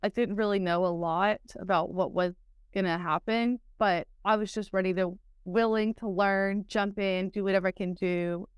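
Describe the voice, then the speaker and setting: A woman's voice: mid-range voice, fairly even intonation, normal speed, smooth, dry recording. A woman with a Texan accent, a recovery coach trainer chatting as a guest on a podcast, telling stories in a friendly, rambling way. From Texas, US. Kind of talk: casual podcast interview.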